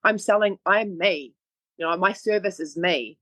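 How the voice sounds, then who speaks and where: Kiwi lady fitness coach, chatty and earnest, lower voice, dry recording. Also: a bit bright, no room sound. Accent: New Zealand. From New Zealand. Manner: chatty and earnest, talks fast in bursts. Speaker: guest, online fitness coach. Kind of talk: casual podcast conversation.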